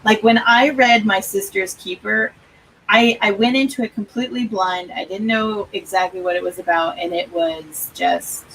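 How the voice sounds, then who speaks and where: A woman's voice: mid-range voice, moderate pace, fairly bright tone, recorded from a distance, a little hiss or hum, rough recording. A woman hosting a casual livestream, reading viewer comments aloud and chatting about books. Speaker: livestream host. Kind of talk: casual chat.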